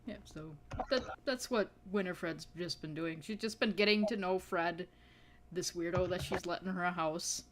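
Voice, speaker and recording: A woman's voice: fairly low pitch, normal speed, a little hiss or hum. A woman playing a tabletop game, laid-back and casually swearing. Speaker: player.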